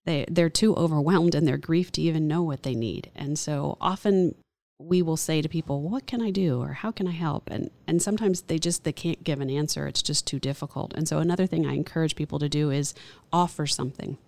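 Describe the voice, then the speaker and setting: A middle-aged woman, a hospital chaplain, speaking earnestly and gently in a counseling tone during an interview. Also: low voice, brisk, vocal fry, no echo. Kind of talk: conversational interview.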